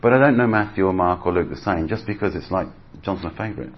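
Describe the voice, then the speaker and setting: A man's voice: low voice, fast, husky. A man preaching a sermon in a chatty, conversational way, acting out voices as he retells stories. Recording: slightly dull audio with faint background noise.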